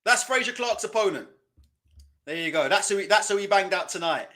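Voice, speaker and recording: A man's voice: sits high, animated, a little fast, sharp tone. A man hosting a live boxing watch-along, commentating in a casual, mocking, profane way. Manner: mocking, laughing, loose and profane.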